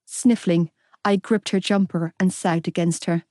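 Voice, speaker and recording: A woman with a fairly low voice narrates a romance audiobook from a script in a steady, measured way. The recording is studio quality with no echo.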